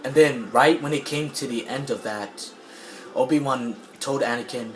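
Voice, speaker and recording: A man's voice: medium pitch, normal speed. A man casually rambling through a story while playing a game, full of fillers and restarts. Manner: rambling, many fillers and restarts, clears throat. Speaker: gamer retelling a film plot. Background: game music.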